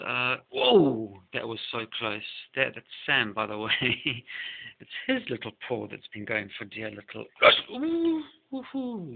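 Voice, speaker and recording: Gravelly man on a tinny home mic. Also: medium pitch, noisy background. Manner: chatty and easily sidetracked, breaking off to talk to his pets. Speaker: video blogger reading song lyrics. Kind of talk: casual home vlog chat. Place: home, at his computer desk. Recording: tinny lo-fi phone-like sound.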